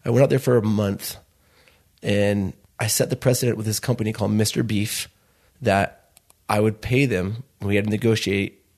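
Gravelly-voiced man telling a long story. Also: lowish voice, steady tone, moderate pace, darkish tone. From Chicago. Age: 30s. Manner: loose, rambling storyteller acting out quoted dialogue. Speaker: restaurant owner. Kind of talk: storytelling interview.

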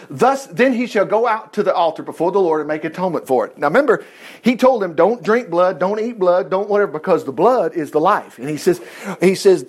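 A man teaching the Bible in a loose, conversational sermon. His voice sits high and swings widely in pitch as he jumps between reading verses and excited side comments. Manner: animated, reads scripture aloud with folksy asides. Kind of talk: informal Bible study sermon.

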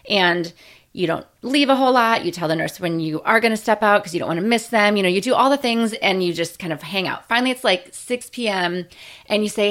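Woman teaching nurses, chatty and relaxed, keeps asking right?, punchy emphasis. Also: mid-range voice, brisk. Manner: conversational, frequent "right?" and "you know" tags. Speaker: nurse educator. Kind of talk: casual teaching monologue.

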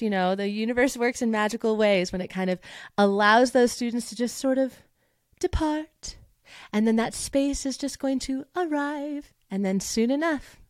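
A woman's voice: a little high, darkish tone, no echo. Upbeat motivational woman, dry close voice. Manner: upbeat, motivational, acts out quoted thoughts. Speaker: podcast host and voice teacher. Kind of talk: casual solo podcast talk.

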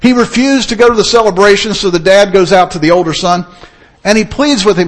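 A man's voice: high-pitched, animated, quick pace. A man preaching a sermon in an earnest, storytelling manner. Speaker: pastor.

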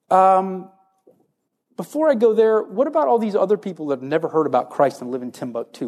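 A man preaching a sermon as pastor, animated, acting out the voices of doubters and of Jesus. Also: high voice, brisk.

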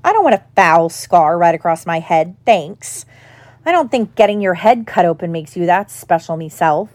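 A woman's voice: on the low side, lively intonation, moderate pace, darkish tone, no echo, natural voice. A woman voicing an arrogant teenage schoolboy bully who speaks in a scathing, mocking way. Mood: sneering. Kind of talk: audiobook character voice.

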